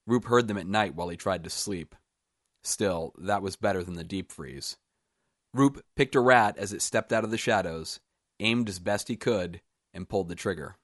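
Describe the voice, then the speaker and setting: A man reading his own short story aloud in an even, measured storytelling manner. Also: sits low, no room sound, studio quality.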